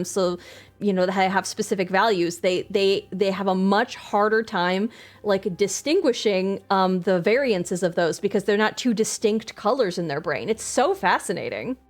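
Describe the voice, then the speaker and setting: A woman's voice: mid-range voice, normal speed. A woman with a middle-range voice chats casually while streaming a game from home, rambling enthusiastically and leaning on filler words and self-corrections. She laughs often as she talks into a desk microphone, with faint game music underneath. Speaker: live streamer.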